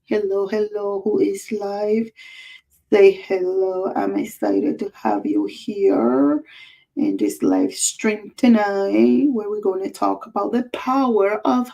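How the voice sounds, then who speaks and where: A woman's voice: fairly high pitch, creaky, warm tone, rough recording. A woman hosting a casual livestream, effusive and emotional, repeating her greetings. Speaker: livestream host.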